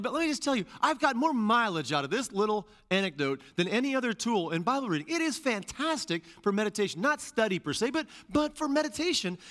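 A pastor delivering a sermon with animated, conversational delivery, repeating phrases for emphasis and dropping in casual asides. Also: male voice, extremely high pitch.

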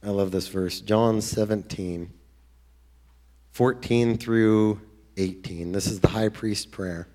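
A man preaching a sermon in an earnest, conversational way, now and then breaking into excited outbursts. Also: lowish voice, takes it slowly.

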